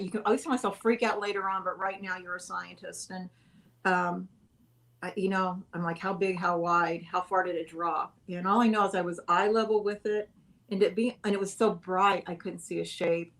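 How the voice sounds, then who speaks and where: A woman's voice: lowish voice, creaky, fairly bright tone. A woman guest in a casual interview, telling a long story in a rambling way, correcting herself and laughing often.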